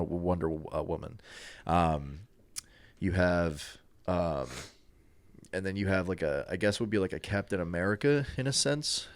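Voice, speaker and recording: A man's voice: low-pitched, no room sound. A man co-hosting a casual podcast, talking in a loose, rambling way with lots of restarts and fillers. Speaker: podcast co-host.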